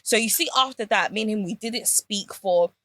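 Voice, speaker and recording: A woman, a podcast guest telling a personal story in candid casual chat, animated and swearing freely. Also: medium pitch, normal speed.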